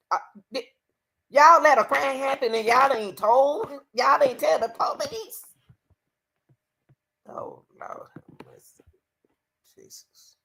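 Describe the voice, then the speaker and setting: A woman livestreams reactions to a court case, talking emphatically to her viewers as "y'all" and often calling out to the Lord. Her voice is on the high side, fairly bright, with vocal fry.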